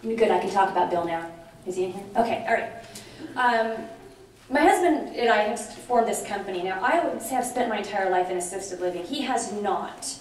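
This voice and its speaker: A middle-aged woman giving a lively conference presentation, chatty and animated, often checking in with her audience. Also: medium pitch, moderate pace. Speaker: conference speaker on dementia care. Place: large conference room. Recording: very echoey hall from far off, faint noise.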